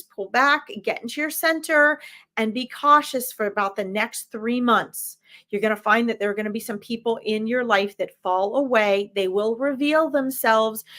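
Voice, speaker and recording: A woman's voice: medium pitch, a bit bright. A woman giving live psychic medium readings, talking directly and emphatically, with frequent fillers and "okay?" check-ins.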